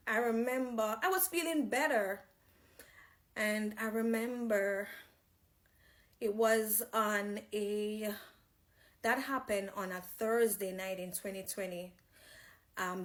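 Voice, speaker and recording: Slow-speaking Jamaican woman giving a testimony. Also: medium pitch. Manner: slow, reflective, with pauses and restarts. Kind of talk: personal faith testimony.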